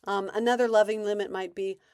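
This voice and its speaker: A woman's voice: medium pitch, fairly even intonation, brisk, a little mellow, clear, resonant tone, no echo. Dry-voiced woman parenting coach. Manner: conversational, acts out parent and child dialogue. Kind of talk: casual advice talk.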